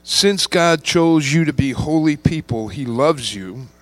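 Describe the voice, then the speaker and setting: A man preaching a sermon, reading scripture and slowing down to stress key words. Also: a little high, expressive, no echo. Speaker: pastor.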